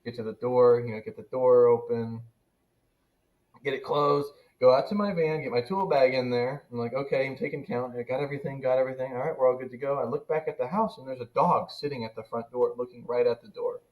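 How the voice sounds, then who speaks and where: A man casually telling a funny work story on a podcast, animated and laughing as it builds. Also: mid-range voice, a little fast, phone-quality sound. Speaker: podcast co-host.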